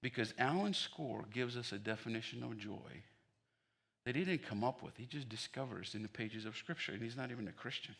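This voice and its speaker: A male pastor preaches a sermon in a church, his voice bright and forceful at an average pitch. He tells stories with a playful humor and builds to excited, emphatic peaks. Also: brisk, gravelly, breathy edge. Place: church sanctuary.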